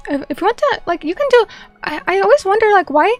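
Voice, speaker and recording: A woman's voice: very high-pitched, sing-song, quick pace, soft background music. A young woman chatting casually on a stream, reading viewer comments and rambling with lots of filler words and restarts.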